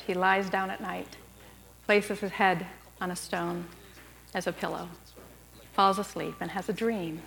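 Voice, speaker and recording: A woman's voice: medium pitch, vocal fry, a bit bright. Woman preaching a conversational sermon. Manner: conversational, asks the listeners questions. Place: church sanctuary. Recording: long reverb of a large room.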